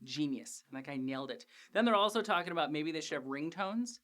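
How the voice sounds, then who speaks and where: Female host, lowish voice, casual profane episode recap with jokey asides. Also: lively intonation, brisk, fairly bright tone. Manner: chatty, profane, joking asides. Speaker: TV after-show host.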